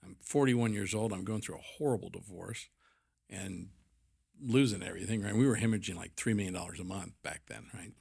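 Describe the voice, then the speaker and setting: Casting: middle-aged man, low gravelly husky voice, rambling blunt storyteller with lots of fillers. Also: fairly quick, a little mellow. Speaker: podcast guest, business owner. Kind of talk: candid conversational storytelling.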